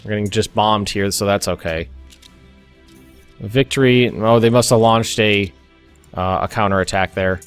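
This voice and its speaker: A young American man hosts a let's play in a smooth, lowish voice at a moderate pace, often pausing as he reasons aloud through a strategy game. His commentary is casual, full of restarts and asides, and faint music runs behind it.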